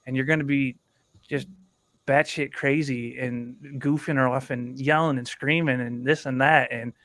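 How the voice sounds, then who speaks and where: A man's voice: medium pitch, fairly bright tone, no room sound. A man in his thirties, a veteran and father, talking candidly and bluntly on a livestream panel and swearing freely. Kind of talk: casual livestream panel talk.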